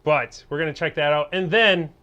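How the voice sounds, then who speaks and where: A man co-hosting a casual podcast, excitable and quick to laugh, chatting about shows and music. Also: highs cut off. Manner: excitable, laughs often, jumps between high and low pitch. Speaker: podcast co-host. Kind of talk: casual chat.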